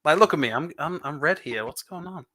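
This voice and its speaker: A man's voice: a little high, expressive, crowd noise. A man from England with an English accent, chatting and rambling casually while building LEGO on a livestream. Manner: chatty, rambling, quick laughs. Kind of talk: casual chat.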